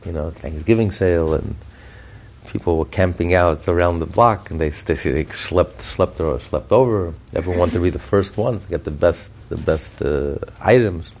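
A man, a rabbi, preaching a sermon with animated, repetitive emphasis and storytelling. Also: deep voice, moderate pace.

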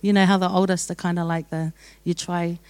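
A woman's voice: lowish voice, level tone, fairly quick, a little mellow, no room sound. Casual young woman giving church testimony. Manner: casual, joking, laughs often. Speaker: church speaker sharing testimony. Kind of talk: sermon testimony.

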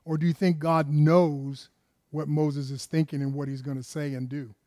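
A man's voice: a little high, level tone, normal speed, mellow, no echo, clean studio sound. A man preaching a conversational sermon, firing rhetorical questions at his listeners and often repeating words and restarting phrases.

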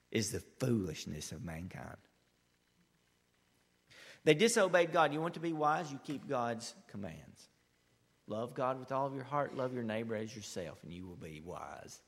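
A male pastor preaching a sermon, emphatic and animated, swinging from loud rising bursts to quiet asides. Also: mid-range voice, moderate pace, slightly rough. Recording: long hall reverb.

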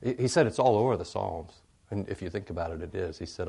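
Low gravelly-voiced older male pastor. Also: expressive, fast talker, darkish tone. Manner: folksy and rambling, checks in with the congregation with frequent "right?". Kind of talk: conversational sermon.

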